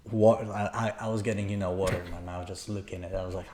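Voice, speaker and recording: A man's voice: deep voice, fairly even intonation, fast, few pauses, a little mellow, slight background noise. A young man from Poland telling a long, rambling story in a casual podcast chat, full of fillers and restarts. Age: young adult. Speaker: podcast co-host.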